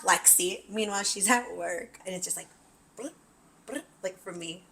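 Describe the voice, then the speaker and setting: A young woman with a bright, clear voice, telling a story in a loose, animated way. She curses often and throws herself into the lines she quotes from her past. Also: mid-range voice, moderate pace, low-quality recording. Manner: animated, swears freely, acts out her own past lines loudly. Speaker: podcast co-host. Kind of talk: casual storytelling chat.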